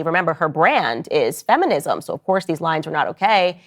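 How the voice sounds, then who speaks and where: A woman's voice: deep voice, big pitch swings, moderate pace, hardly any pauses. A woman podcast host giving opinionated commentary, arguing her case and speaking straight to her listeners. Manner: argumentative, addresses listeners directly.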